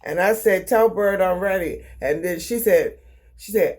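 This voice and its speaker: A woman in her sixties with a Baltimore accent, lively and dryly humorous as she tells a family story. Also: fairly low pitch, moderate pace. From Baltimore, Maryland. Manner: lively storyteller, animated quoting, dry humor. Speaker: vlogger's mother. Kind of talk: storytelling in casual chat.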